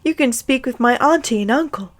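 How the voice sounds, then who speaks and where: A woman's voice: very high voice, a little fast, fairly bright tone, voice pushed up. A woman voicing an innocent, eager little boy who squeals in a fanfic reading.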